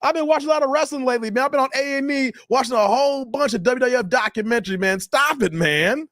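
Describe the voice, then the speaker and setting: A man's voice: very high voice, fast, a bit bright, no echo, studio quality. A man hosting a live stream, laughing and bantering with his chat.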